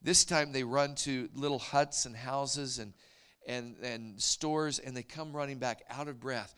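A man preaching a storytelling sermon, animated and dropping to hushed whispers for emphasis. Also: medium pitch, a little slow, clear, resonant tone.

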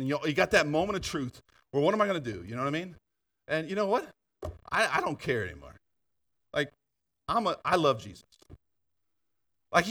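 A man preaching in a church, telling stories with laughs and asides, then turning quieter to lead an altar call. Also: on the high side, distant mic. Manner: animated storytelling with laughter and asides. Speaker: pastor. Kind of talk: sermon. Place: church sanctuary.

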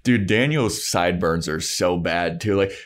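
A man's voice: low voice, a little slow. A man co-hosting a podcast, casually recapping a TV episode, loose and jokey, swearing now and then. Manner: loose, swearing, acts out characters in silly voices. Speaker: podcast co-host.

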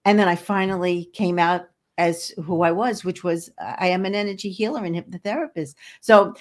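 In a podcast interview, a female guest who works as an energy healer and hypnotherapist speaks in a lowish, steady voice at a regular pace. She sounds sincere and supportive, frequently breaking off to begin again.

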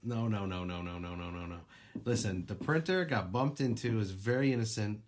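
A man's voice: on the low side, brisk. A man co-hosting a podcast in casual chat, rambling through stories, laughing and swearing as he goes. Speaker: podcast co-host.

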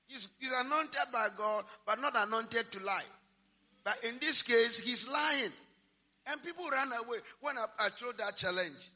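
A man preaching a sermon as pastor, emphatic, dropping to a hush and then rising to shouts. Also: very high voice, unhurried. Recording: long reverb of a large hall.

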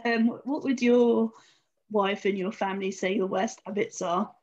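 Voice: medium pitch, fairly even intonation, moderate pace, darkish tone, highs cut off. An interviewer asking short casual questions, laughing often. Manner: giggly, asks short questions.

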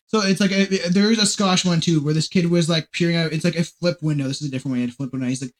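A man hosting a podcast in casual chat, rambling and excitable and swearing a lot. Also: on the high side, very fast, low-quality recording. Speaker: podcast host.

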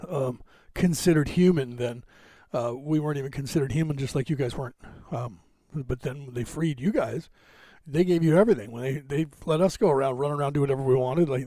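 A man's voice: on the high side, mellow, no room sound. Chatty, rambling man hosting a live stream. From United States. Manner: rambling, chatty, many fillers and restarts. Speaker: podcast host. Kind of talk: casual live-stream chat. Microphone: camera on a box, live stream.

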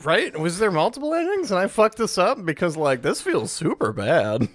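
A man co-hosting a podcast in casual chat, relaxed and wry, swearing freely with lots of fillers. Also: sits high, moderate pace, no room sound, studio quality. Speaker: podcast co-host. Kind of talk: casual chat recapping a game.

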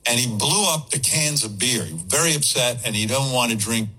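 A man's voice: medium pitch, animated, fairly quick, bright, forceful tone, breathy edge, low-quality recording. A man hosting a radio talk show, speaking bluntly and with disbelief. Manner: blunt, incredulous.

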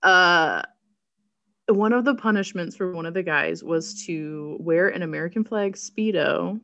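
A woman's voice: fairly low pitch, a little slow, pushed and bright, highs cut off. A woman co-hosting a casual movie-review chat, recounting plots in a wry, laid-back way. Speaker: podcast co-host.

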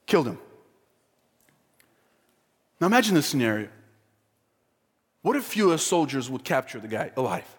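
A man preaching a sermon, emphatic and animated, acting out the voices in the story he retells. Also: mid-range voice, moderate pace, pauses often, breathy edge. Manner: emphatic, animated, acts out quoted crowd and Pilate. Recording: long hall reverb.

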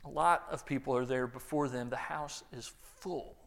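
A man's voice: medium pitch, steady tone, normal speed, vocal fry. Man preaching with dramatic swings. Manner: dramatic, acts out quoted voices, swings between loud and hushed. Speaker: pastor. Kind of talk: sermon.

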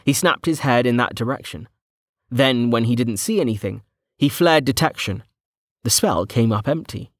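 A man's voice: medium pitch, normal speed, no room sound. Man narrating a fantasy novel, dry close sound. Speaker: audiobook narrator. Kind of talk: scripted narration.

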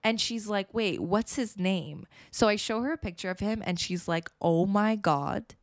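A young woman chatting on a podcast, telling stories with animated energy and a lot of casual swearing. Her voice sits at an ordinary pitch. It is recorded close and dry, with no room sound. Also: normal speed, dry recording. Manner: animated storytelling, swears freely. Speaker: podcast co-host. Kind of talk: casual chat.

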